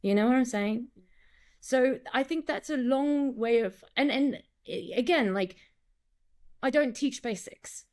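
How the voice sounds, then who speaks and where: Animated woman director talking shop. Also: high-pitched, measured pace. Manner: animated, acts out lines and quotes, many restarts. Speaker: director and acting coach. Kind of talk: casual interview talk.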